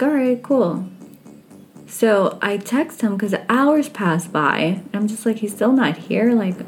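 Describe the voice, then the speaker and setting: A woman's voice: medium pitch, a little mellow. Chatty young woman telling a story over music. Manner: chatty, heavy use of "like", quotes herself and others. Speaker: storyteller recounting a date. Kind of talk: casual storytelling.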